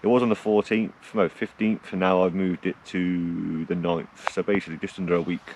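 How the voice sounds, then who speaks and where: Low-voiced chatty man vlogging. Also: level tone, brisk, noisy background. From United Kingdom. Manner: chatty, rambling, laughs often, self-deprecating. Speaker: vlogger on a van road trip. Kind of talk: casual vlog talk to camera. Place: outdoors by a lake, cold morning.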